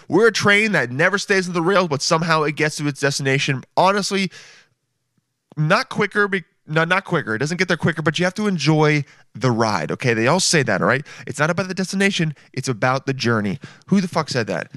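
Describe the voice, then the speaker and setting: A male comedian hosts a podcast, riffing in a loose, goofy ramble that pokes fun at himself. His voice is bright and forward. The recording is dry and close, with no room sound. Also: on the high side, expressive, a little fast, no echo. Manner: rambling, goofy, self-mocking. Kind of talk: casual rambling comedy monologue.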